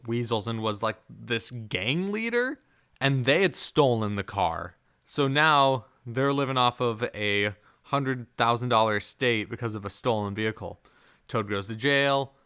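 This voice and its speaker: A man's voice: mid-range voice, sharp tone, clean tone. A man casually reviewing a film, rambling with many fillers and puzzled rhetorical questions. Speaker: movie reviewer.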